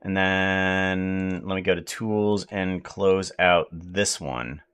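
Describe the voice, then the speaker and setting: Man, American, live-stream chatter, talks slowly to himself, low-pitched, bright tone. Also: fairly even intonation, clear, resonant tone. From United States. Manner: mutters to himself while fixing software, slow and rambling.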